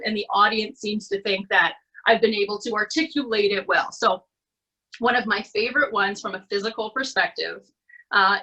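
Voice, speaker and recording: A Canadian woman leads an online presentation workshop from her computer mic. Her voice is bright and a little husky. She keeps things conversational and encouraging, stopping often to check in with "okay?". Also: medium pitch, poor audio. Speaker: presentation skills coach. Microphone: computer mic on a video call.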